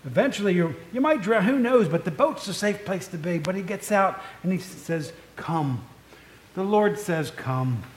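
A man preaching a conversational, storytelling sermon, full of asides to the congregation. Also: high voice. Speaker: pastor. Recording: echoey room.

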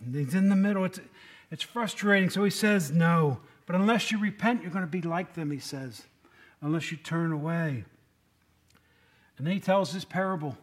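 High-voiced man preaching a chatty sermon. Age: 50s. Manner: conversational storytelling, folksy asides to the congregation.

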